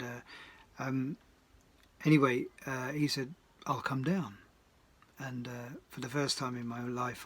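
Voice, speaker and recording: A man's voice: mid-range voice, vocal fry, fairly bright tone, husky. Rambling man chatting from a shed. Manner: rambling, hesitant, full of ums and dry asides. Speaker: singer-songwriter. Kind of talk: casual storytelling between songs. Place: garden shed.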